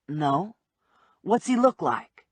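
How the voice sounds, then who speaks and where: A laid-back male cop, played by a woman narrator who talks low and soft with a dry, teasing manner. The voice is slightly breathy and unhurried. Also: big pitch swings, no echo, full character voice.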